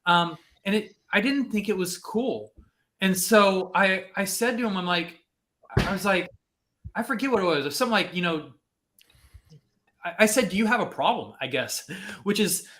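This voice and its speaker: A man on a podcast telling a personal story in a casual, animated way, acting out the people he quotes. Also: high-pitched, moderate pace, pauses often. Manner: animated, acts out quotes with lots of fillers. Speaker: podcast host.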